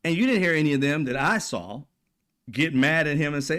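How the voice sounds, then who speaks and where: A man hosting a casual political commentary, talking bluntly with profanity and animated asides, often acting out what other people might say. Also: a little high, fairly quick. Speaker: commentary channel host.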